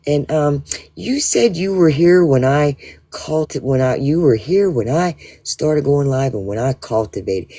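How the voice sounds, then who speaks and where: A man's voice: mid-range voice, darkish tone. A man telling a rambling, profane story to his livestream audience in a casual way, full of fillers and restarts. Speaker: livestream host.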